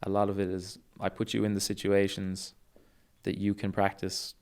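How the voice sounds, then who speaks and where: A young Irish man, a jiu-jitsu coach, talking in a relaxed, enthusiastic way on a casual podcast. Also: deep voice, normal speed.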